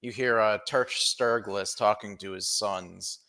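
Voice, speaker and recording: A man's voice: fairly low pitch, steady tone, a little slow, gravelly, pushed and bright. A man narrating a tabletop game as game master, rambling and cursing casually as he describes the scene. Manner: rambling, profane, chuckling.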